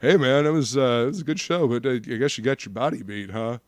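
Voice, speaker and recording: A man hosting a casual podcast, telling a story in a relaxed, profane way. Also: mid-range voice, fast talker, no echo. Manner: laid-back, swears casually. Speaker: podcast host.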